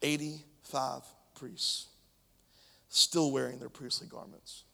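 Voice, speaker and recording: A man's voice: mid-range voice, steady tone, slow pace, gravelly, bright, forceful tone. A male preacher reading scripture and preaching emphatically, speaking straight to his congregation. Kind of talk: sermon. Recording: long hall reverb.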